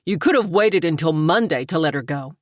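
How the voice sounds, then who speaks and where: A woman voicing an earnest deep-voiced young man. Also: lively intonation, a little fast, no room sound, clean studio sound.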